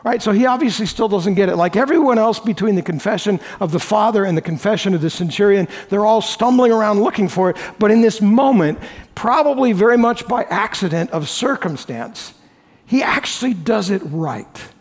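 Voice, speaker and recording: A male pastor with a high-pitched voice delivers an earnest sermon. He moves between bold, raised emphasis and quiet, reflective passages. A long reverb from the church hall trails each phrase. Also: animated, a little fast. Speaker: lead pastor.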